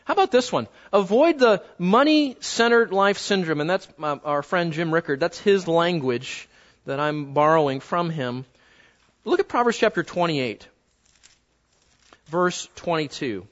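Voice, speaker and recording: Animated preacher man, lo-fi recording. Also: on the high side. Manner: conversational, animated, slows down for emphasis. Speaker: pastor. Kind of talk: sermon. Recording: dull lo-fi sound.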